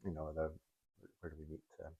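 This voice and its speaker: Halting deep-voiced man. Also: level tone, mellow, husky, dull audio. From Scotland. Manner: halting, stop-start, many restarts. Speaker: guest, photographer and tour guide. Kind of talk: casual podcast conversation.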